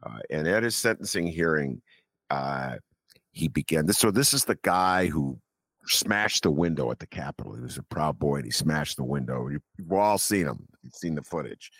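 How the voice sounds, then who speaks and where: A man hosting a political talk radio show, animated and incredulous as he chats with his guest. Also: very deep voice, normal speed, dry recording.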